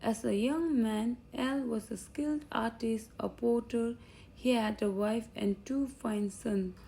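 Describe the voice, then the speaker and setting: A woman reading an audiobook aloud, telling a first-person story in an earnest, unhurried manner. Her voice sits a bit high, yet it sounds dark and mellow, with a gravelly fry. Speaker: audiobook narrator.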